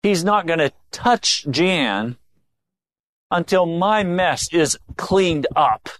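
A man preaching a sermon, moving between low confiding remarks and raised, emphatic exhortation. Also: no room sound. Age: older.

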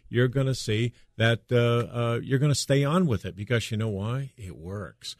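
A man's voice: mid-range voice, moderate pace, few pauses, no echo, clean studio sound. A man co-hosting a talk radio show, speaking casually and hesitantly with many ums and uhs. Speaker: radio co-host. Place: radio studio.

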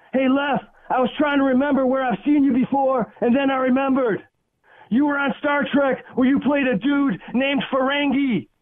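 Guy with a really high voice roasting people over the phone, snarky. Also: narrow, tinny audio. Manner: mocking, fast roast delivery. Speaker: caller. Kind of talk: comedic rant call with singing.

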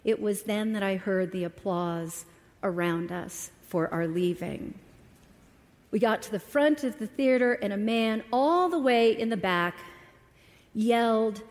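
A middle-aged woman telling a personal story to a church congregation, speaking earnestly with emotional emphasis. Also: medium pitch. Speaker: guest speaker at a church service. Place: church sanctuary. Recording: long hall reverb from a church.

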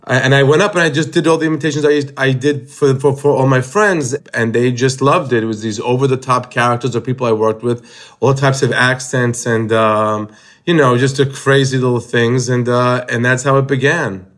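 A man's voice: mid-range voice, fairly even intonation, fairly quick, fairly bright tone. A male comedian being interviewed, speaking casually with hesitant, repeated starts. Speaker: guest comedian.

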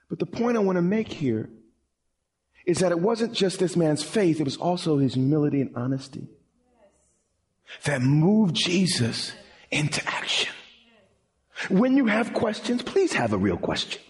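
A man preaching a sermon as pastor, in a dramatic style that drops low and quiet and then rises high and pleading. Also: very animated, normal speed, pauses often.

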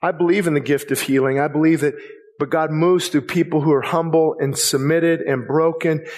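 A man's voice: on the high side, fairly even intonation, normal speed, a little mellow. A man preaching a sermon as a pastor, impassioned and conversational, often repeating himself as he presses a point. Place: church sanctuary. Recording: long reverb of a church hall.

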